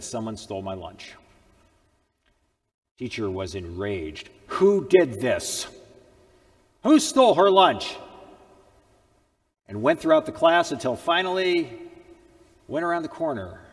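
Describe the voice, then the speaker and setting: A man preaching a sermon and telling a story. His delivery is dramatic, rising to loud proclamations and dropping to hushed tones. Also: on the low side, long reverb tail.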